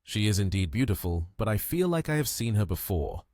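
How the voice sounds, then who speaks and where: A man's voice: on the low side, very animated, a little fast, a little mellow, dry recording, studio quality. A man voicing a carefree, cheerful young heir in a recap story. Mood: casual. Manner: cheerful, casual.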